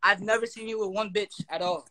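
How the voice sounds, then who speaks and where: A man's voice: high voice, fairly even intonation, fairly quick, pushed and bright. Teasing man joining a phone livestream. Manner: teasing, needling questions. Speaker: livestream guest. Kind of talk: casual livestream banter.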